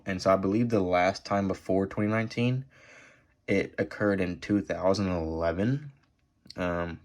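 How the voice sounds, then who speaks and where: A man vlogging indoors at a computer, talking loosely with many fillers and clearing an irritated throat. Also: low voice. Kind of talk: casual vlog while browsing the web.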